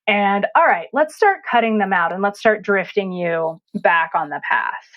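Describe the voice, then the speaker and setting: A woman's voice: mid-range voice, normal speed, dull audio. A burnout coach in her thirties, a woman, talking frankly and animatedly as a podcast guest, laughing easily. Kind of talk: casual interview chat.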